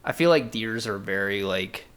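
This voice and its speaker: A man's voice: lowish voice, expressive, normal speed, fairly bright tone. A young man co-hosting a casual podcast, talking in a loose, rambling way and swearing freely. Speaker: podcast co-host. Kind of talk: casual chat.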